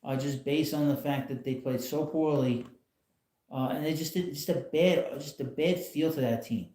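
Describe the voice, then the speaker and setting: A man's voice: fairly high pitch, moderate pace, warm tone. Rambling man in an echoey room. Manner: rambling, blunt, chuckles often. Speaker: channel host. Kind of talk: casual live-stream commentary. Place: home, in a rocking chair.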